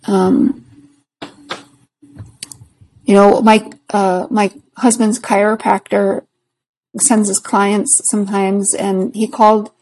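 A woman guest in a casual conversation who speaks reflectively and earnestly and laughs softly between thoughts. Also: mid-range voice, flat delivery, slow, pauses often, a little hiss or hum, rough recording. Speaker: podcast guest, spiritual practitioner.

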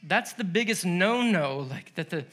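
A male pastor preaching a sermon, animated and laughing as he acts out the story's voices. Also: sits high, moderate pace. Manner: laughs between lines.

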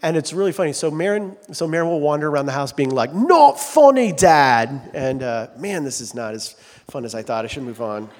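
A man's voice: mid-range voice, fast, big-room sound. A man preaching a sermon as a pastor in a church, talking in a loose, joking, self-deprecating way. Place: large church sanctuary.

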